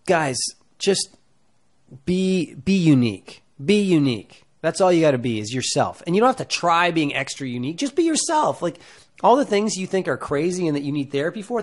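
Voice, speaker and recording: A man giving acting advice in a loose, rambling talk full of fillers and restarts, getting animated as he goes. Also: a little high, moderate pace. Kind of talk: casual talk to camera.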